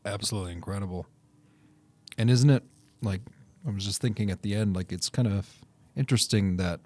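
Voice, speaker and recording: Low-voiced male podcast host. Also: a little mellow. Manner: appreciative, inquisitive. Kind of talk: interview.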